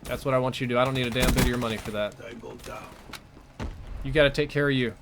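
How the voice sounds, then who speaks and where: Southern male gaming streamer, mid-range voice, frank and profane, live commentary over loud game gunfire. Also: medium pitch, steady tone, quick pace, heavy background noise. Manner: blunt, earnest, swears freely. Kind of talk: live gameplay commentary with chat. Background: video game gunfire.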